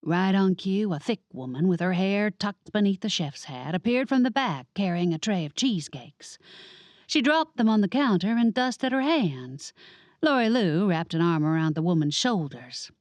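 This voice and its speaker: A woman's voice: medium pitch, big pitch swings, moderate pace, a little mellow, dry recording. A woman narrating a cozy audiobook in first person, wry and conversational.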